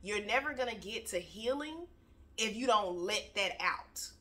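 A young woman gives motivational advice in a casual, candid talk. She is blunt and animated and swears freely. Her voice is bright and forward. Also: medium pitch, a little slow. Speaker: motivational vlogger.

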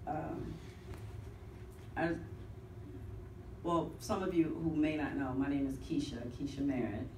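A woman's voice: deep voice, measured pace, mellow. A woman sharing fond, rambling neighborhood memories of the deceased at a funeral service. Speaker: neighbor and friend giving a funeral remembrance. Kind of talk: personal remembrance at a funeral. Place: large room at a funeral service. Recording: echoey room, voice heard from a distance, clear background noise.

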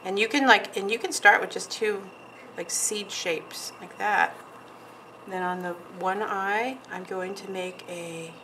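A woman's voice: mid-range voice, bright, forceful tone, slight background noise, rough recording. A woman hosting a nail art tutorial, chatting casually and giggling as she paints, often trailing off mid-sentence while she concentrates. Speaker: nail artist, channel host.

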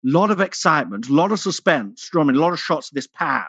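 A man's voice: fairly high pitch, very animated, racing, a bit bright, slightly rough, no room sound, exaggerated voice. A man doing a stand-up character act as a vain, theatrical aging actress with a grand luvvie manner, calling everyone darling, on a dull, dry lo-fi recording. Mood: theatrical, grandiose. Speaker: character comedian.

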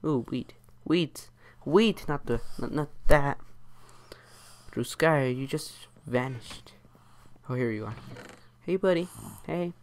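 A man giving casual, excitable gameplay commentary as a channel host, chatting to his teammate and taunting opponents as he plays. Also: mid-range voice, slow. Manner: excitable, chatty, talks to his teammate and foes while playing.

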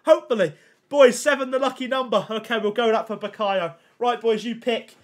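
Hyped young man, high voice. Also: brisk. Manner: hyped, slangy, excitable. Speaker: livestream host. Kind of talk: live gaming stream chat, reading chat aloud.

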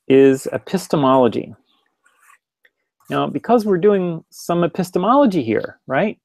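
In a loose, wandering webinar lecture, a man keeps restarting his sentences and asks listeners questions directly. He speaks at a fairly high pitch, creaky and slightly mellow, recorded without echo.

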